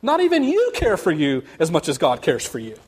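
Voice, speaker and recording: A man preaching a sermon, speaking earnestly and building to quick, emphatic runs. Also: a little high, huge pitch swings, husky. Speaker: pastor.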